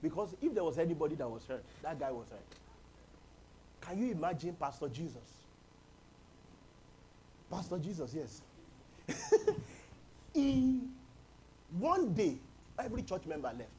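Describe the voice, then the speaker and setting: A man's voice: on the high side, huge pitch swings, a little slow, long pauses, a little mellow, a little hiss or hum, poor audio. A man preaching a humorous sermon as pastor, calling on the congregation to respond. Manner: humorous, chuckles often, calls for congregation responses. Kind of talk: lively sermon.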